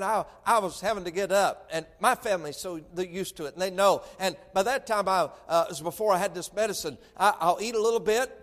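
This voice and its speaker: A man's voice: high voice, big-room sound. A man preaching a sermon, telling folksy stories with stammered restarts.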